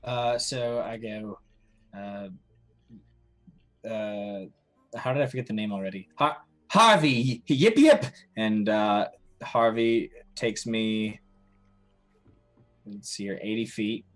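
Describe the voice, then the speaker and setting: A man playing a tabletop game, distractedly counting his moves out loud. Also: fairly low pitch, little pitch movement, slow, long pauses, dry recording, faint music behind. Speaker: player.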